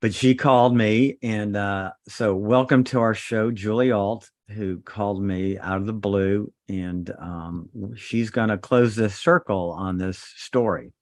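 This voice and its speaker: Man, middle-aged, low-pitched, dry, animated podcast host. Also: measured pace, few pauses, no echo. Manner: animated, acts out other people's voices in his stories. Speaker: podcast host and trauma surgeon. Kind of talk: casual storytelling on a podcast.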